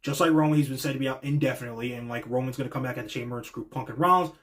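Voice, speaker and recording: A man's voice: mid-range voice, racing, fairly bright tone. A man hosting a show, talking through wrestling predictions in a rambling, opinionated way with lots of fillers. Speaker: podcast host. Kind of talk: casual wrestling reaction monologue.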